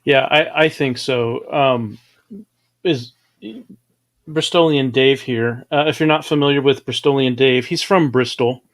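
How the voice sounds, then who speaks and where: A man hosting a casual comics podcast, reading viewer comments and answering in a measured way with frequent ums. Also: medium pitch, fairly even intonation. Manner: measured, hesitant with ums and uhs. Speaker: podcast host reading chat.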